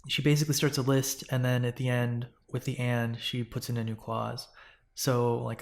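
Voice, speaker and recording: Man, mid pitch, flat even intonation, analytical podcast co-host. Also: moderate pace. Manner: analytical, picky about grammar. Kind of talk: casual book-club chat.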